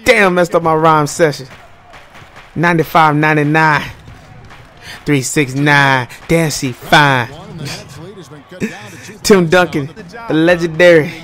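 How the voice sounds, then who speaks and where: A man's voice: sits high, fairly bright tone. Young man trash-talking over gameplay. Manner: playful trash talk, laughs often, rhyming banter. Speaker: gaming commentator. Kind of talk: casual gameplay commentary.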